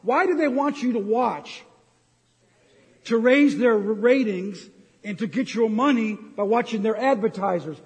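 A man's voice: sits high, measured pace. A middle-aged man preaching a sermon as pastor in a church, ranting with jokes. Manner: impassioned, ranting, jokey. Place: church sanctuary. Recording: long hall reverb.

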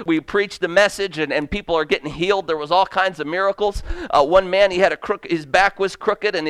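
High-voiced evangelist man telling testimony. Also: a bit bright, smooth, no echo. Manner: earnest storytelling with repeated amens. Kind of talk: sermon testimony.

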